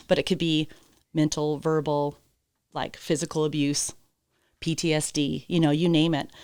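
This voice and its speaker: A woman's voice: low-pitched, smooth, no room sound, studio quality. A woman guest on a podcast, a horse trainer telling her story candidly, with emphatic, blunt phrasing and casual swearing. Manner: acts out quoted dialogue.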